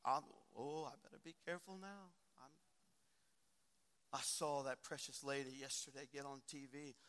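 A man preaching a sermon, swinging from quiet talk to shouting. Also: medium pitch, moderate pace, smooth. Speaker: pastor. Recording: long hall reverb.

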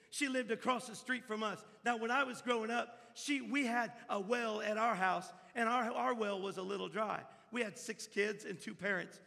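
Casting: male pastor, middle-aged, high gravelly voice, sermon in a reverberant church hall. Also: moderate pace, few pauses. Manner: impassioned, storytelling, swells loud at peaks. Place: church sanctuary.

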